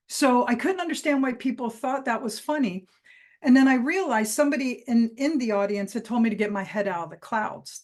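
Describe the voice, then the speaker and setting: A woman giving a motivational keynote, telling a personal story with lively emphasis and punchy phrasing. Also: on the high side. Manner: lively anecdotal delivery with vivid emphasis. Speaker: keynote speaker and trainer.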